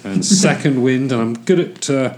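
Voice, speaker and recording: A man's voice: medium pitch, animated, moderate pace, a little mellow, slight background noise. A man chatting casually as a player in a tabletop game, rambling with many ums. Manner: rambling, self-amused, lots of ums.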